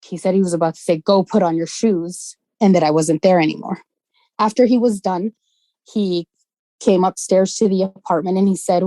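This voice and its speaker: A woman's voice: on the low side, normal speed, dry recording, low-quality recording. A woman telling a childhood ghost story in casual conversational speech, acting out the voices of the people she quotes. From West London. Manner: animated, acts out quoted voices. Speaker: guest storyteller.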